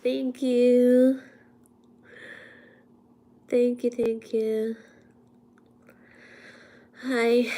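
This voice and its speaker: A woman from India hosts a casual livestream from her home. She is hoarse from a cold, speaks softly, often slips into a whisper, and coughs now and then. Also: medium pitch, fairly even intonation, slow pace, pauses often. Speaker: livestream host and physics teacher. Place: at home, indoors.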